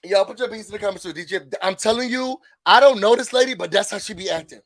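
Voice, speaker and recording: A man giving a chatty, animated recap of a reality show, acting out what people said. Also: sits high, fast, dry recording. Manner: chatty, animated, acts out quotes.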